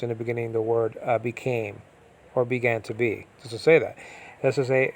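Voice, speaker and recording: A man's voice: mid-range voice, steady tone, moderate pace, a bit bright. A man teaching biblical Greek in an informal, rambling way, with many fillers and restarts, often asking if listeners follow.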